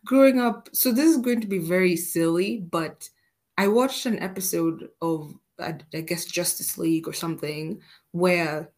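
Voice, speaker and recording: Animated young woman from Kenya, low voice. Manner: animated, self-deprecating, acts out quotes. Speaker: podcast guest. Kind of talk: casual conversational storytelling.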